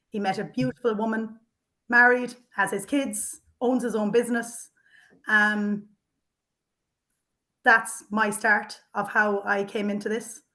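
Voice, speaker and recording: A woman's voice: on the high side, a bit bright. A middle-aged Irish woman who manages a housing association, reflecting earnestly and with heart in an interview, with fillers and restarts. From Ireland.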